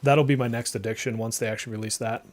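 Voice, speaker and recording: Chatty streamer with a faint Massachusetts accent. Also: male voice, medium pitch, fairly even intonation, fast, faint music behind. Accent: mild Massachusetts, slipping through on some words. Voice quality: speech impediment. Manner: chatty and rambling, many "like" fillers, reacts aloud to the game. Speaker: game streamer. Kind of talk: casual live-stream gameplay commentary.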